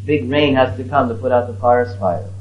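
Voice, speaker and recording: A man delivers an earnest devotional lecture to a small group, rising to loud calls and dropping to hushed pleading. His voice sits in the middle range. The recording is roomy and a little dull. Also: medium pitch, brisk. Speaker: spiritual teacher. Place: room with a small audience.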